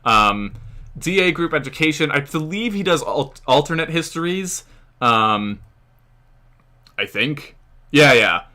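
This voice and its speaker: American male channel host, casual live Q&A, filler-heavy, crisp bright voice. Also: on the high side, lively intonation, measured pace, long pauses. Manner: rambling, many fillers, chuckles often. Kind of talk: casual live-stream Q&A chat.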